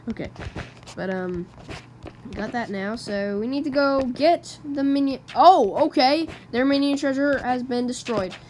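A woman giving chatty, excitable commentary while playing a video game, often breaking off mid-sentence. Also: high voice, unhurried, slight background noise. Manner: chatty, excitable, self-interrupting. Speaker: gamer, channel host. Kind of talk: casual gaming commentary. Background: loud game music.

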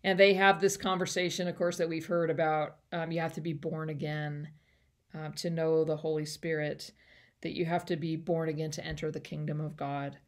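A woman's voice: low voice, flat delivery, normal speed. A woman pastor giving a short devotional talk and prayer in a conversational, reflective way with light laughter.

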